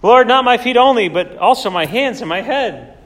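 A preacher acting out an indignant, protesting disciple. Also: male voice, fairly high pitch, a little slow, fairly bright tone. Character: impulsive, indignant male disciple. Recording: long hall reverb.

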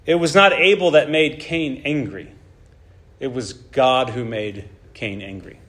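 Emphatic male preacher, mid-pitched. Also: a little slow, a bit bright. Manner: emphatic, checks in with "right?" and "okay?". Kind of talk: sermon.

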